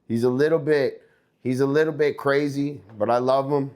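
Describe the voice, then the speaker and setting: A man's voice: mid-range voice, steady tone, normal speed, a little mellow. A young American man hosting a casual livestream, laid-back and rambling, breaking into hyped, sing-song bits. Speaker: livestream host.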